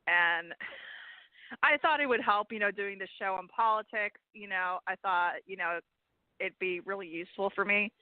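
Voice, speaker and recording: A woman co-hosting a political talk radio show, bubbly and quick to laugh. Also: medium pitch, dry recording. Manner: bubbly, laughs often, many fillers. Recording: dry tinny phone line.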